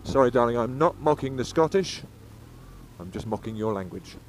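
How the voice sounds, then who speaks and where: Here a man from England vlogs from a moving motorcycle, rambling casually, cursing freely, and shifting topics as he goes. He speaks at a normal speed in an expressive, medium-pitched voice. Faint engine and road noise come through the helmet-mounted action camera.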